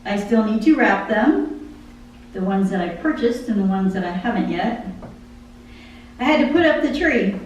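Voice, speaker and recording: A woman's voice: mid-range voice, expressive, moderate pace, long pauses. A woman giving a conversational devotional talk, chatting about her busy week and listing chore after chore. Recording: very echoey room from far off, faint hum.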